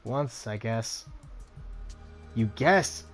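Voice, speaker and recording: A defensive, aggrieved tattooed hacker, as a man reads him out in a mid-range voice. He sounds exasperated and quick to justify himself, with faint game music underneath. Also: mid-range voice, animated.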